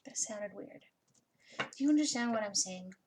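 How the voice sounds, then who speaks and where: A woman's voice: medium pitch, lively intonation, normal speed, noisy background. Chatty woman giving a tarot reading. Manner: chatty, swearing, lots of fillers. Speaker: tarot reader. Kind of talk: casual personal tarot reading.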